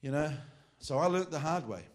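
An animated, somewhat high-pitched voice at a moderate pace belongs to a middle-aged Australian man preaching informally to a ministry class. He jokes and rambles, often breaking off for asides and fixing what he just said.

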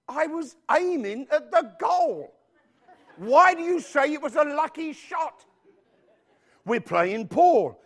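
A man preaching a sermon, emphatic and animated, throwing rhetorical questions at his congregation. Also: very high-pitched, measured pace.

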